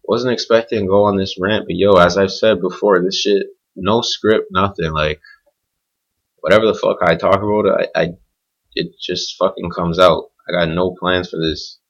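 A man's voice: low-pitched, fairly even intonation, moderate pace. A man hosting his own podcast, talking off the cuff in a blunt, profane, rambling solo rant. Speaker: podcast host. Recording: dull lo-fi home recording.

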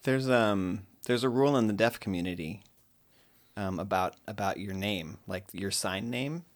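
A man from Colorado in a casual chat, speaking haltingly with many restarts. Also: lowish voice.

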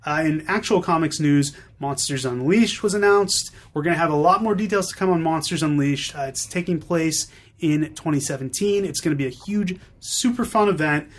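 A man hosting a podcast, running through news in a chatty, enthusiastic way with quick fillers. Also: on the high side. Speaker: podcast host. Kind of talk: upbeat news roundup.

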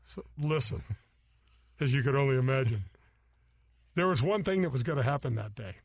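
A middle-aged man hosting a golf show, telling stories in animated, casual chat, acting out voices and laughing often. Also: mid-range voice, moderate pace, no echo.

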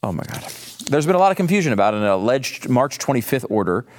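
A man's voice: mid-range voice, sing-song, fast talker. A middle-aged man hosting an opinion show, talking in a sarcastic, ranting way. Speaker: host.

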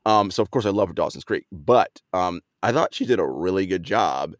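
Man, podcast host, casual chat, low pitch, very dry close sound. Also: lively intonation, moderate pace, no echo. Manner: laid-back, laughs easily, trails off into fillers.

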